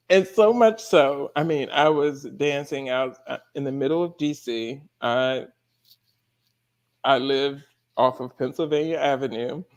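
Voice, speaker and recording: A man's voice: mid-range voice, slow. A man, a life coach and guest, telling a story in a casual spiritual chat. He laughs often and curses casually.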